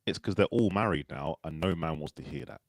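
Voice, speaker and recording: A man co-hosting a casual podcast, joking in quick banter. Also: very deep voice, no room sound. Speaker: podcast co-host. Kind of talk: casual chat.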